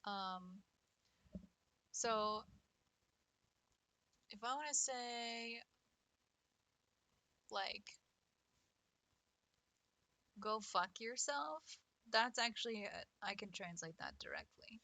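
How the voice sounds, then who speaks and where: A woman's voice: fairly high pitch, takes it slowly, pauses often, pushed and bright, dry recording. A young adult woman streamer chatting casually with viewers, playful and teasing, laughing often. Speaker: art streamer. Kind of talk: casual livestream chat.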